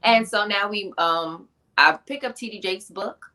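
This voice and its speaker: A woman guest on a podcast, an author and speaker, telling her life story in an emphatic, animated, conversational way with slang asides. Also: medium pitch, measured pace. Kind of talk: personal storytelling in a podcast interview.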